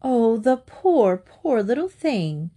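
A woman's voice: fairly high pitch, sing-song, slow, dark tone, heavily acted. A woman reading aloud voices an anxious, overprotective mother who fusses over her son. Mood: fretful. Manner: fretful, overprotective, fussing. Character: anxious doting mother of young boys.

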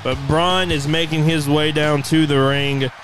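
Man, wrestling play-by-play narration, eager, stumbling restarts, highish pitch, faint music behind. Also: steady tone, measured pace. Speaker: narrator of a fan wrestling show.

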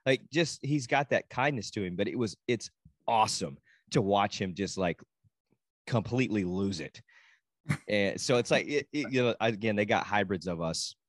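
Low-voiced man telling family stories. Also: moderate pace, no room sound, clean studio sound. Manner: animated storyteller, acts out quotes. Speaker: podcast guest, father. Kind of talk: casual storytelling chat.

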